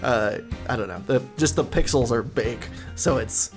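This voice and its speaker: A woman's voice: a bass voice, moderate pace, over music. A woman chatting casually on a live stream, rambling and self-deprecating, often trailing off mid-thought.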